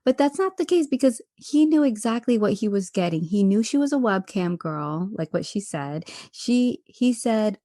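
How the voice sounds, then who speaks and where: Woman co-host, lively gossipy recap delivery, dry close sound. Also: medium pitch, normal speed, few pauses, no echo. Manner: animated, acts out quotes from the show. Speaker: podcast co-host. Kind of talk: casual reality-TV recap chat.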